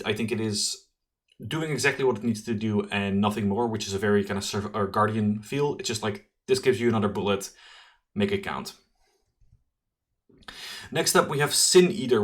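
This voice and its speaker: A man hosting a card game preview, talking through new cards in an enthusiastic, chatty commentary with quick asides and self-corrections. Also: medium pitch. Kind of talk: solo card review commentary.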